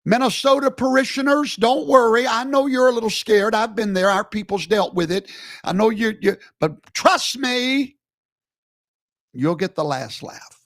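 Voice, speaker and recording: A man hosting emphatic, preaching-style commentary, firing off rhetorical questions with big jumps in pitch. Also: a little slow, a bit bright, no room sound, clean studio sound. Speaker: host.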